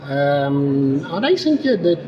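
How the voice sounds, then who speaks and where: A man with a French accent speaking halting English with many fillers in a casual interview. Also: fairly high pitch, very animated. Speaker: winemaker. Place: busy wine tasting room. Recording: dull lo-fi sound.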